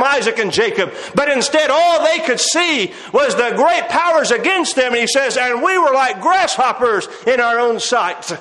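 Guy with a high voice preaching a sermon, quotes old bible verses, roomy echo. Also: bright, forceful tone. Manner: reads scripture in old-fashioned King James phrasing, addresses listeners as "my friends".

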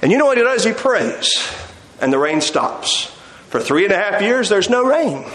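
A man's voice: high voice, very animated, moderate pace, a bit bright. A man preaching a sermon, telling the story with animation and acting out the quotes. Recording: echoey room.

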